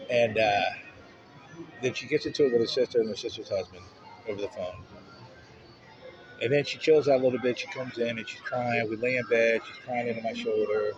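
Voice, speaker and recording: A man's voice: medium pitch, fairly quick, pauses often. A man vlogging, telling a personal story in a rambling, profane way with frequent restarts. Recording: dull audio with music underneath.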